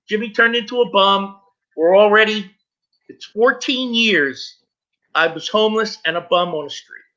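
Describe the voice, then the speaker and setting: High, bright-voiced middle-aged man telling his story. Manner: halting, stumbles and repeats words when moved. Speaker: guest. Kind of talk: emotional personal storytelling. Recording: dull lo-fi recording.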